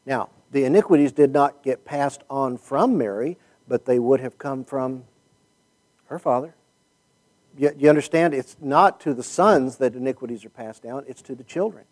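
A man's voice: mid-range voice, moderate pace, low-quality recording. Man teaching a Bible class. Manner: thinks out loud, questions the class.

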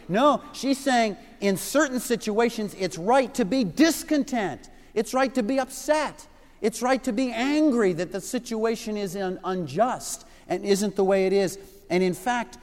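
A man's voice: sits high, a little mellow, in a large hall. A middle-aged man preaching an earnest, emphatic sermon to young listeners, repeating key phrases. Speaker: pastor. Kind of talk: sermon to children and youth.

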